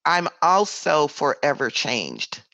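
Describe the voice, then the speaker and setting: An American woman co-hosting a podcast, soft-spoken and thoughtful, with quiet murmurs of agreement. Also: sits low, very animated, slow, creaky, dry recording. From United States. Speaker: podcast co-host. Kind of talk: casual podcast chat.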